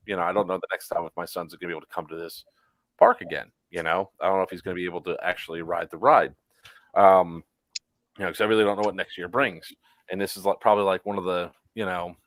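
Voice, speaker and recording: A man's voice: low-pitched, fairly bright tone, no room sound, poor audio. A man co-hosting a casual chat, telling a story with many fillers and acted-out quotes. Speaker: podcast co-host.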